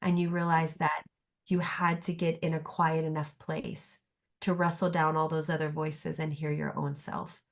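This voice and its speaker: A woman's voice: sits low, flat delivery, normal speed. A middle-aged woman therapist speaking as a podcast guest, reflective and earnest, often restarting her sentences. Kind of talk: podcast conversation.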